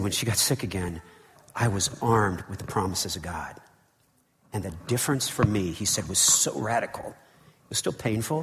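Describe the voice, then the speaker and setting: A man preaching from the pulpit in a low voice, pressing his points with repetition and breaking into casual asides. His voice carries a long reverb from the church hall. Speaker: pastor. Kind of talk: sermon. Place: church sanctuary.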